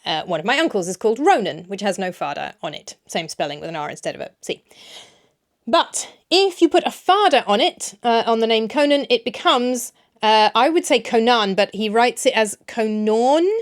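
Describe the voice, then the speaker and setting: A woman's voice: fairly high pitch, very animated, a little fast. A woman talking to camera on a lapel mic, explaining things in a chatty, digressive way and laughing at herself. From Ireland. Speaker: language vlogger. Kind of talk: casual explanatory talk to camera. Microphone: clip-on lapel mic.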